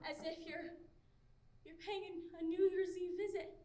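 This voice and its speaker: Fawning, effusive older landowner father, played by a woman, stage play; very high, unhurried, echoey far pickup. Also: steady tone, mellow. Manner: gushing, fawning with endearments. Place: theater stage.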